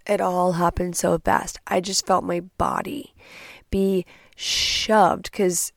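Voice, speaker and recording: A young woman hosting a podcast, telling a dramatic story in casual, profane, animated speech on a close mic. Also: lowish voice, slow pace, vocal fry, dry recording. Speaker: podcast host.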